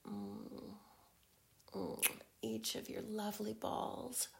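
Slow husky whispering woman. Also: medium pitch, big pitch swings. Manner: teasing, slow, breathy whispers with soft hums. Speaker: girlfriend in audio role-play. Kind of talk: whispered role-play.

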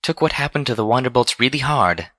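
A man's voice: mid-range voice, lively intonation, brisk, fairly bright tone, no echo, voice pushed up. A man voicing a refined, dramatic female pony designer with a genteel, affected manner. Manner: genteel, affected, says darling.

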